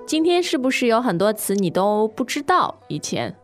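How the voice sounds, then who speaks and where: Lively-voiced woman co-hosting a language lesson. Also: a little high, loud music behind the voice. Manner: patient, affirming, models words slowly. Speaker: co-host, language teacher.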